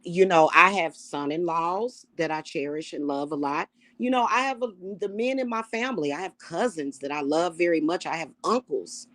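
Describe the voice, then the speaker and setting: A middle-aged woman, a self-styled high priestess, ranting to her viewers in a casual, emphatic and profane way. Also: moderate pace, few pauses, a bit bright, dry recording. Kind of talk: casual spiritual rant to camera.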